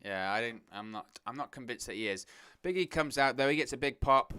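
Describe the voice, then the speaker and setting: A man's voice: medium pitch, lively intonation, brisk, pushed and bright, smooth. A man hosting a live watch-along stream, chatting casually, thinking aloud and talking to his viewers. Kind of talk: live watch-along commentary, reading chat.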